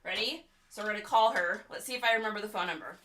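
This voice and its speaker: A woman's voice: medium pitch, fast, fairly bright tone, slight background noise. A middle-aged woman chatting playfully in a casual vlog as an online reseller. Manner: chatty, playful, laughs a lot.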